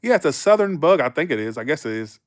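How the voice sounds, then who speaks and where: A man in his thirties chatting casually to viewers as a livestream host, rambling through stories and jumping into animated quoted voices. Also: on the high side, fast, no room sound, clean studio sound.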